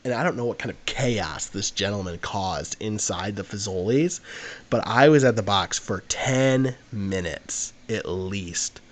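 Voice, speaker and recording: A young man tells a meandering story on a podcast. His voice sits a little low, and he piles on fillers as he talks in a loose, chatty way. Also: a little slow. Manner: rambling, animated anecdote with frequent fillers. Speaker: podcast co-host. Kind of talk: casual storytelling chat.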